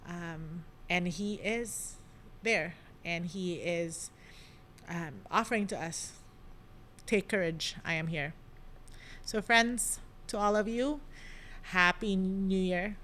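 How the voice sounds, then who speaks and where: A woman hosting a podcast, giving a thoughtful devotional reflection in a gentle manner, pausing often with soft ums. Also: on the low side, slight background noise.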